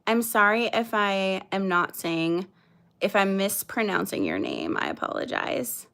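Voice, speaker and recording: A woman in her thirties talks slowly through a casual livestream. She sounds nervous and apologetic, and her speech is full of fillers and restarts as she greets viewers by name. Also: medium pitch, sing-song, creaky, fairly bright tone. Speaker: livestream host.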